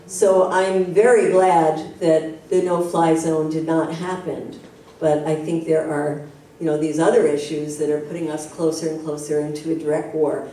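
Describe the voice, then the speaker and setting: A woman activist tells stories to a room in an animated way, acting out the people she quotes. Her voice is mellow and dark in tone. She is heard from well off the mic in a very echoey hall, with a faint hiss behind her. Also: deep voice, normal speed, distant mic. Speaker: activist speaker at a public talk. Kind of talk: public talk and Q&A answers. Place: community hall.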